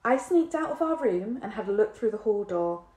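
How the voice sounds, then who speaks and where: A curious, stubborn little schoolboy, as a woman reads him aloud, earnest as he explains himself. His pitch moves in a lively way. A roomy echo surrounds the reading. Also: moderate pace, close to an everyday voice. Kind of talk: storybook reading.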